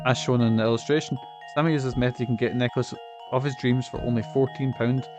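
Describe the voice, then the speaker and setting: A man streaming a game, chatting casually, rambling with fillers and the odd swear. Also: mid-range voice. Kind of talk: casual live-stream chat. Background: game music.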